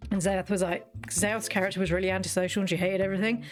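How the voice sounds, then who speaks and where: A woman's voice: medium pitch, fairly even intonation, fast, soft background music. Chatty woman streaming a game. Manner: rambling, chatty, self-interrupting, playful asides. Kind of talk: casual gameplay chat.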